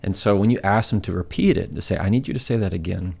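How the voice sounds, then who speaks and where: A man as a podcast guest, calmly explaining advice and acting out example dialogue. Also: sits low, fast talker, gravelly, husky. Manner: steady, acts out example dialogue. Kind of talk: conversational advice.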